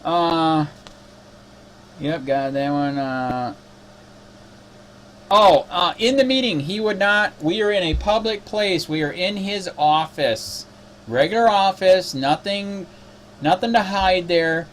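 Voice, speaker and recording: Indignant man, activist, loose rambling recap, slightly high voice. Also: lively intonation, slow pace, long pauses, a little hiss or hum. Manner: indignant, exasperated. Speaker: cop watch activist. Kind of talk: casual spoken recap.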